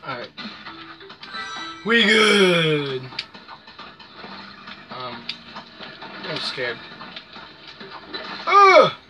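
A gamer giving casual, profane gameplay commentary, yelping and shouting whenever the game goes wrong. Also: mid-range voice, measured pace, long pauses. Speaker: let's play gamer. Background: game music.

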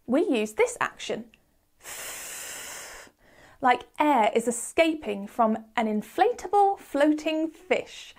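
A woman teaching a children's phonics lesson in a slow, encouraging, sing-song teacher voice. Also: sits high, very animated.

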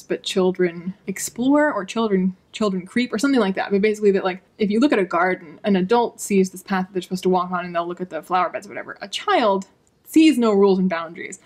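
Woman, book vlog host, chatty and gushing, mid pitch. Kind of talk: casual book review vlog.

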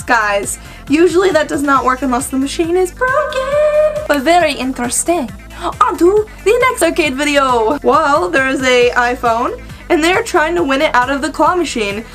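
A woman arcade vlogger giving excited, playful reaction commentary, full of exclamations. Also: high-pitched. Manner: bubbly, exclamatory, playful voices.

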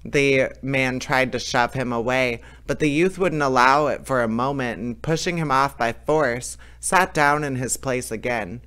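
A man reading a fairy tale aloud in a lively way, with small slips and restarts. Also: mid-range voice, measured pace, few pauses. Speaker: storyteller.

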